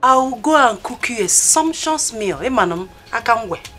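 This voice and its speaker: A woman's voice: fairly high pitch, lively intonation, normal speed, fairly bright tone. A Nigerian actress playing a caring woman who coaxes and reassures her upset friend, dropping Igbo words. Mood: coaxing. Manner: coaxing, reassuring, mixes in Igbo. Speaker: actor in a film. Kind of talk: Nollywood film acting. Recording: film audio with faint background music.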